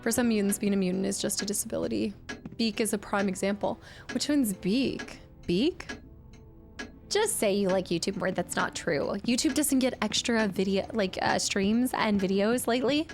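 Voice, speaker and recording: A woman livestreamer chatting casually while playing a game, gushing and excitable, thanking viewers by name. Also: medium pitch, normal speed, gravelly, soft background music. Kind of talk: casual game stream chat.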